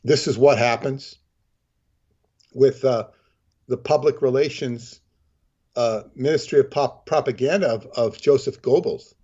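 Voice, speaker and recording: Male co-host, slow and halting, mid pitch, dull lo-fi line. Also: warm tone, breathy edge. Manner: measured, halting, with frequent ums. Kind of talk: discursive commentary.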